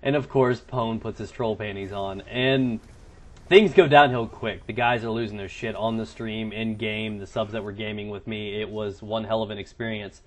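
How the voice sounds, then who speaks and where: A man's voice: fairly low pitch, steady tone, moderate pace. A young man doing casual gameplay commentary, telling crude stories in a joking, rambling way and swearing a lot. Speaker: gaming commentator and streamer.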